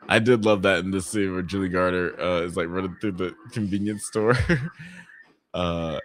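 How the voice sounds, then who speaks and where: A man's voice: low voice, fairly even intonation, a little slow, long pauses, slight background noise. A man hosting a podcast live watch party, chatting casually and profanely, groaning and laughing at gory scenes. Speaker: podcast host.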